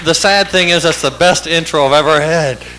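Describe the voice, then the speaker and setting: A man doing a stand-up comedy routine on a club stage, wired and chanting words in rapid-fire repetition. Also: a little high, noisy background. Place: club stage with live audience.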